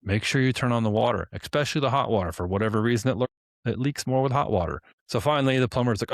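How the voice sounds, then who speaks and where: A man's voice: mid-range voice, quick pace, no echo, clean studio sound. A man co-hosting a podcast, explaining in a casual, storytelling way and acting out both sides of the dialogue. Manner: informal, many "like" fillers and restarts. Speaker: podcast co-host.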